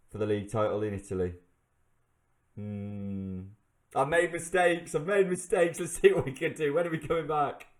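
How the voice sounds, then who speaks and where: Commentating his own game live for viewers, a man who hosts a gaming channel swings between excitement and exasperation. His voice sits a little high.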